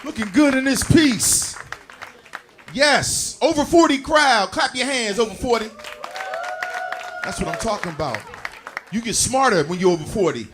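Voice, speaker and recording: A man in his forties doing a loud, punchy stand-up routine, acting out voices for his aches. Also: extremely high pitch, lively intonation, moderate pace, pauses often, music in the background, crowd noise. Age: 40s. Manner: loud, punchy, acts out body parts talking. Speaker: stand-up comedian.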